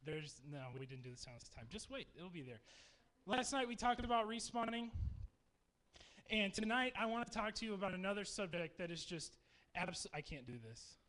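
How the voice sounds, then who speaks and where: A man in his thirties from Texas talks to a camp crowd with a high, bright voice. He jokes and tells stories in a loose, chatty way on a stage mic. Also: normal speed. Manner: joking, chatty storyteller. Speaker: youth camp speaker. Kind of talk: humorous youth talk to campers. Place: dark meeting hall at a camp.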